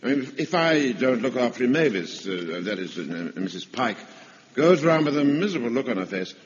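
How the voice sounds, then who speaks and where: An actor playing a polite, hesitant gentlemanly sergeant in a radio comedy, vague and diffident. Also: male voice, medium pitch, big pitch swings, brisk, lightly acted. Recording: muffled old broadcast with loud hiss.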